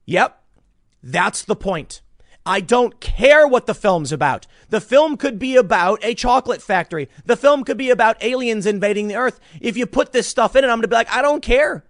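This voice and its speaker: Animated ranting male commentator. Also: high voice, moderate pace, no room sound, studio quality. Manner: animated, emphatic, ranting with repeated restarts. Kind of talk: casual online commentary.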